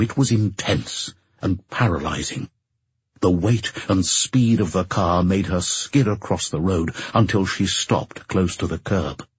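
Low, husky male audiobook narrator. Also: no room sound. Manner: slow, measured. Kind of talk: scripted narration. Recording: dull lo-fi recording.

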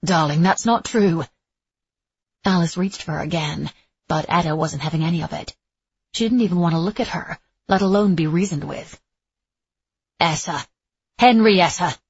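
A woman with a husky, breathy, rather low voice reads a novel aloud in a steady, even storytelling tone. The recording is dry and slightly dull, like a lo-fi home setup. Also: fairly quick, no echo. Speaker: audiobook narrator. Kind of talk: scripted narration.

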